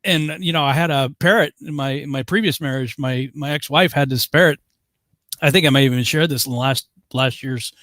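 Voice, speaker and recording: A man's voice: medium pitch, brisk, a bit bright, dry recording, studio quality. A middle-aged man hosting an online Bible study, telling stories animatedly and laughing often over a video call. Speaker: host.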